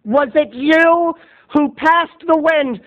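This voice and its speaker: A man voicing a stern female high school history teacher who lectures in a prim, drawn-out way, on a dull lo-fi recording. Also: a bit bright, exaggerated voice. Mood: prim lecturing.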